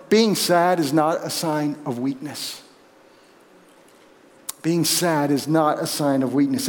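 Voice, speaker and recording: A man preaching with a high, earnest voice. He swings from emphatic peaks to quiet intensity. The sound carries a long hall reverb. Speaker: pastor. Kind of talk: sermon.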